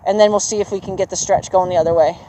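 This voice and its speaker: A horse trainer coaching a student through a riding lesson in an outdoor arena. The trainer keeps praising the horse and explains things in a relaxed, chatty way. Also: mid-range voice, very fast, a little hiss or hum, poor audio. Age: adult with children. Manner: encouraging, praises the horse often.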